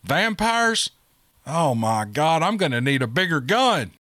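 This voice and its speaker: A man voicing a gruff, coarse-talking country man in an audiobook. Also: fairly high pitch, sing-song, measured pace, bright, forceful tone, no echo, studio quality, pitched above the performer's own voice, full character voice. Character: gruff rural Southern man, crude, outspoken.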